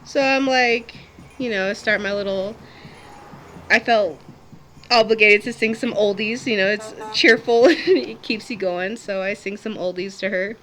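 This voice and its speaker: A woman's voice: mid-range voice, steady tone, a little slow, a bit bright, slight background noise. A young adult woman telling a personal story in a chatty, casual way, with frequent laughs, fillers and restarts.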